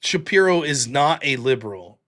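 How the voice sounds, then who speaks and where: A man's voice: medium pitch, expressive, moderate pace, a bit bright. An American man hosting a live stream, reading viewer donations aloud in a mock-wounded, self-deprecating way. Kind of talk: casual live-stream chat.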